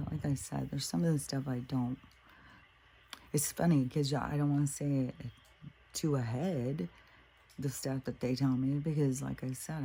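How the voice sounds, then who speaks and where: A woman's voice: extremely low pitch, warm tone, a little hiss or hum. A woman talking in a casual, rambling monologue, laughing often and swearing freely. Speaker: spiritual vlogger.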